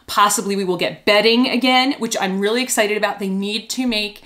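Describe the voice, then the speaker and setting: A woman chatting casually as a doll-collecting vlogger, gushing and excitable as she handles her toys. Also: medium pitch, a little fast.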